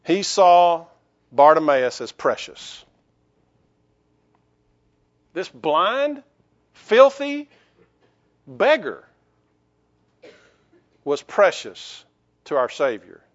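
A man's voice: on the high side, very animated, extremely slow, long pauses, muffled recording. A man pastor preaching a sermon in a conversational way, with restarts and rhetorical questions to the congregation.

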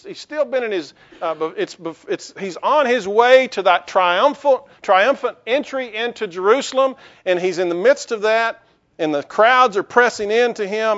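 High-voiced man preaching a sermon. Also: muffled recording. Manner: conversational preaching with frequent restarts and rhetorical questions. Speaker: pastor.

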